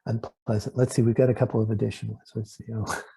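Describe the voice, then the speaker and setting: A man hosting a relaxed interview over a video call, his voice gravelly and husky with a dark, mellow tone. He talks haltingly, stopping to restart his sentences. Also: lowish voice, poor audio. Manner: halting, with many restarts and fillers. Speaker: host. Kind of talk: casual interview chat.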